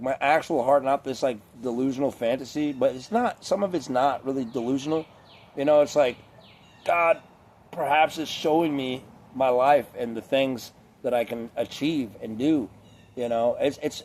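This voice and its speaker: A man's voice: mid-range voice, a little mellow, slight background noise. A man talking in a casual rambling monologue, swearing often and filling his sentences with filler words. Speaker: vlogger.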